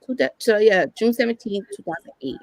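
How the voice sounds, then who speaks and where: A woman's voice: mid-range voice, fairly quick, no room sound, poor audio. A woman in her thirties, candidly telling a personal story as a podcast guest and acting out the lines people said to her. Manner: candid, animated storytelling that acts out quoted lines.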